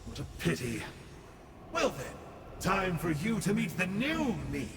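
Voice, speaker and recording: A smug scheming game villain. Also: male voice, high-pitched, wildly swooping pitch, a little slow, crowd noise, exaggerated voice. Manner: theatrical, sly and mocking. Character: smug scheming male villain, a treacherous showman. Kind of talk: video game voice acting. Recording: long reverb game audio. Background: game music.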